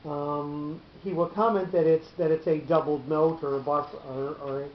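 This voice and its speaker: A man teaching a class, explaining patiently and slowly with frequent pauses. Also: a little high, fairly even intonation. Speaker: teacher of Torah cantillation. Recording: roomy, dull, slightly noisy recording.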